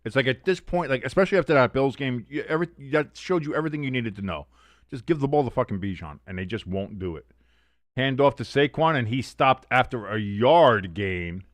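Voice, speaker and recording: A man hosting a live sports watch-along, talking through the plays, swearing freely and arguing loudly with the referees' calls. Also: mid-range voice, a little fast, no echo. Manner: excitable, swears, argues with the referees.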